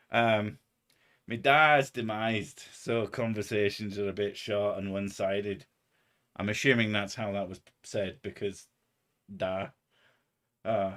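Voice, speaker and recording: A man's voice: fairly low pitch, a bit bright. A man chatting casually on a livestream, rambling and sardonic, with heavy swearing. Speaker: streamer.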